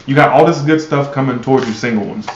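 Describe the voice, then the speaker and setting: A man's voice: medium pitch, quick pace, a little hiss or hum. Blunt, profane tarot-reading man. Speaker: tarot reader. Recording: roomy, dull lo-fi sound.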